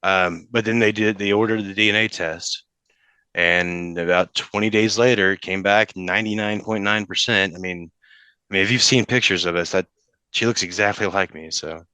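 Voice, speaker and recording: A young adult man, a podcast guest, talking emotionally with halting restarts. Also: sits low, steady tone, sharp tone, clean tone, no room sound. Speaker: podcast guest, father in custody case. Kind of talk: casual interview talk.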